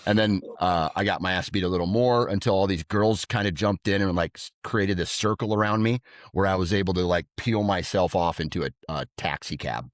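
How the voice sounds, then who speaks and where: Here a deep-voiced man co-hosts a podcast, telling stories briskly and casually. He animatedly acts out quotes by raising his voice, captured in clean studio sound with no echo.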